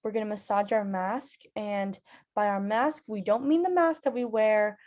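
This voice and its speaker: A woman leading a theatre warm-up lesson, giving friendly instructions with frequent "um"s and breaking into loud demonstration sounds. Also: medium pitch, normal speed. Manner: instructive, filler-heavy, with loud vocal demonstrations. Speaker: drama teacher.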